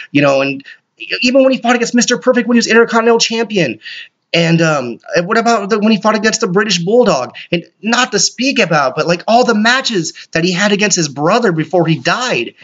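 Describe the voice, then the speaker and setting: A man hosting a solo podcast, rambling excitably and swearing often. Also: on the high side. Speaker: podcast host. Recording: dull lo-fi recording.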